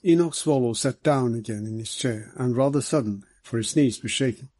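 A man reading a mystery novel aloud as the narrator, in a measured way. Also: mid-range voice, dark tone. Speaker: audiobook narrator. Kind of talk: scripted narration.

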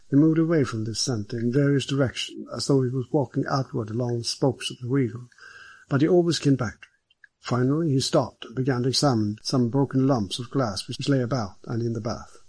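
A man narrating an audiobook in a steady, measured way. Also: mid-range voice, breathy edge, no room sound, poor audio.

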